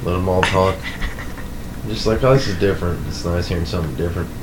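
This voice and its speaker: A man chatting casually on a podcast, relaxed and easygoing. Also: low voice, quick pace, very noisy. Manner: relaxed, easygoing, short remarks. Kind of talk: casual chat.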